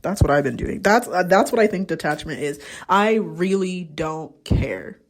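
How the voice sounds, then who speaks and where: A woman's voice: fairly low pitch, expressive, normal speed. A young adult woman hosting a casual mental health check-in, telling stories candidly and swearing freely. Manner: candid storytelling, acts out quoted voices. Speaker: podcast host; teacher.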